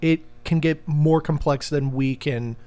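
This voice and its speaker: A man's voice: on the high side, steady tone, unhurried, darkish tone. A man in a casual discussion, rambling and thinking aloud with lots of filler words.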